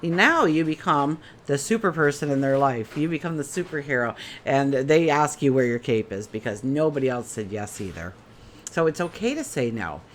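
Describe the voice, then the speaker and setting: Lively-voiced woman giving a tarot reading. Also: rumbling low, normal speed, a little hiss or hum. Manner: chatty, asks many rhetorical questions. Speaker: tarot reader. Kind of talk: casual daily tarot reading.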